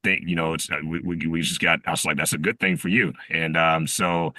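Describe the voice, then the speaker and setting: Very low, flat-voiced man telling a story. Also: no room sound. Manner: rambling, halting with fillers and restarts. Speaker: team member sharing a reflection. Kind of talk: casual storytelling on a group call.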